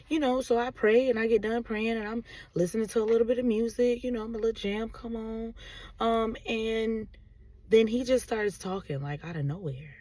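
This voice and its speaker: A woman tells a story-time vlog, chatty and animated, with plenty of "you know" fillers and a sarcastic edge. Her voice is husky and sits a little away from the mic, like a phone propped up in a car. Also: a little high, a little fast, recorded from a distance. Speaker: vlogger. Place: car on the road.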